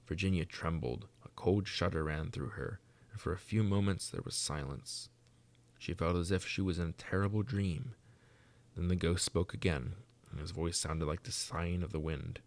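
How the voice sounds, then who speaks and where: A man reading a classic story aloud as audiobook narration, in a measured storytelling manner. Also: low-pitched, gravelly. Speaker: reader.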